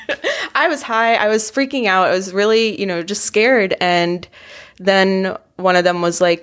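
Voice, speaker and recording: A woman's voice: mid-range voice, unhurried, smooth. A woman in her twenties telling stories on a casual podcast, often laughing and acting out what people said. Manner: animated, laughs often, acts out quotes. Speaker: podcast guest. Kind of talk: casual storytelling chat.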